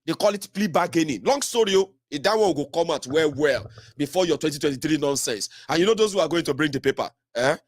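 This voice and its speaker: A Nigerian man hosting solo political commentary, mocking and animated, slipping into Pidgin. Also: on the high side, fast talker, few pauses, no room sound, studio quality.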